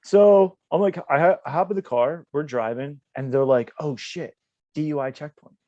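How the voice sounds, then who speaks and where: Here a young man co-hosting a casual podcast laughs as he tells rambling, profane stories. He speaks at a moderate pace in a voice on the high side. The podcast audio is dull and lo-fi, with no room sound.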